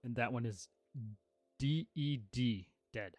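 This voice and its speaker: A man running a tabletop game as game master, narrating the action in a loose, rambling way. His voice is mid-pitched, with faint music under it. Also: slow, dry recording.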